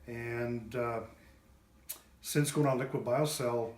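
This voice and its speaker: Man, mid pitch, echoey room, halting testimonial, lots of uh and restarts. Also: steady tone, darkish tone, a little hiss or hum. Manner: halting, with many fillers and restarts. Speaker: pet owner giving a testimonial. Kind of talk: unscripted testimonial. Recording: roomy echo.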